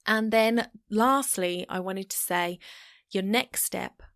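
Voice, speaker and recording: A woman's voice: mid-range voice, slow pace, a bit bright, no room sound, studio quality. A woman hosting a solo podcast, talking straight to the listener in a chatty, encouraging way. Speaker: podcast host. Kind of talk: solo podcast advice talk.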